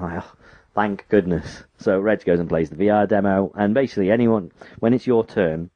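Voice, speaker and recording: A man's voice: lowish voice, moderate pace, few pauses, no echo, highs cut off. A man telling a funny story in a casual chat, acting out the people in it. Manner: animated retelling, acts out others in quotes.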